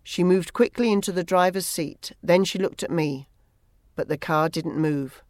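Measured audiobook narrator, dry sound. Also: mid-range voice, a little mellow, no echo. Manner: measured, plain storytelling. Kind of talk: scripted first-person narration.

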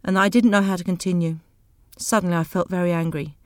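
A woman reading a storybook aloud in a clear, measured, expressive way. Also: fairly low pitch, dry recording, clean studio sound. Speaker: audiobook reader. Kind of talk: scripted narration of a graded reader.

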